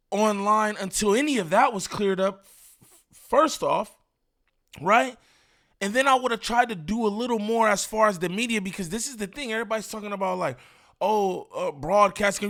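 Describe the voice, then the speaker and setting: A man hosting a commentary channel, talking in an animated, rambling, slangy way with lots of repeats. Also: sits high. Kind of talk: casual reaction commentary.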